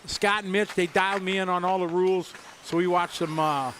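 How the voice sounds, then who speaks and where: A man's voice: high voice, fairly even intonation, a little fast, fairly bright tone, slight background noise. A man from the United States giving live race commentary, chatty and upbeat. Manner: chatty, upbeat, laughs easily.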